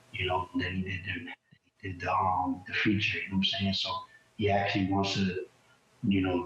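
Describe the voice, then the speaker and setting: A man's voice: sits low, a bit bright. A middle-aged man, a rapper, chatting loosely with lots of slang on a cheap phone from a home hallway. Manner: loose slangy talk, full of "you know". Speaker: guest rapper. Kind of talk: casual interview chat. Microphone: cheap phone on a call. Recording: echoey muffled phone call.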